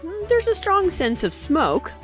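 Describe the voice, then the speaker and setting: A woman's voice: extremely high pitch, huge pitch swings, a little slow, faint music behind. A woman joining a football podcast as a fantasy analyst, playful and teasing. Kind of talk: casual podcast chat.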